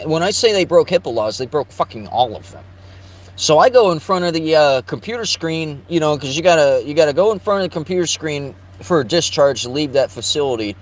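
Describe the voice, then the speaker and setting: A man telling a rambling, blunt personal story, swearing freely and restarting his sentences. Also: on the high side. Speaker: vlogger. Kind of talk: casual storytelling.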